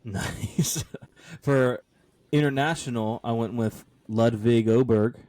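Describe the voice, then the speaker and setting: A man's voice: medium pitch, slow pace, a little mellow, dry recording. A man co-hosting a casual sports podcast, joking and playful as he runs through his bets. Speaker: podcast co-host.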